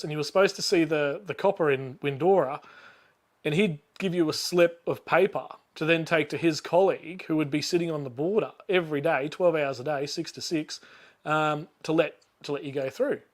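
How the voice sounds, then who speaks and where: A high-pitched Australian man yarns away about his travels, tripping over his words with plenty of ums and restarts. He laughs often as he tells it, chatting from a video call. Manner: rambling, laughs often, lots of fillers and restarts. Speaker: YouTuber guest. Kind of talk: casual storytelling chat.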